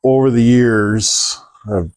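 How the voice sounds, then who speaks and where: A man's voice: medium pitch, slow, a little mellow, no echo. A man in his forties, a guest in a casual interview, talking in a rambling, hesitant way. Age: 40s.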